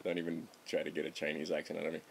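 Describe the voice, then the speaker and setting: A man's voice: very deep voice, completely flat delivery, rapid-fire, gravelly, breathy edge. A middle-aged man giving casual political commentary in a rambling, sarcastic way, often stopping to correct himself. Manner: rambling, sarcastic, self-interrupting. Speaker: political vlogger.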